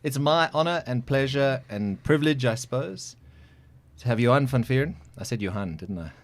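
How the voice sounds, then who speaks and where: A man's voice: mid-range voice, expressive, moderate pace. A man hosting a casual interview, chatty and joking with plenty of fillers. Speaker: podcast host.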